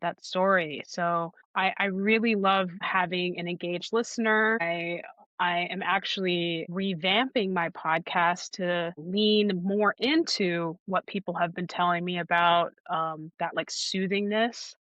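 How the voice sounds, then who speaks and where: A woman audiobook narrator talking thoughtfully in an interview, pausing and restarting as she gathers her words. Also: on the low side, fairly even intonation, a bit bright, no room sound, highs cut off. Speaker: audiobook narrator and podcast guest. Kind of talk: conversational interview.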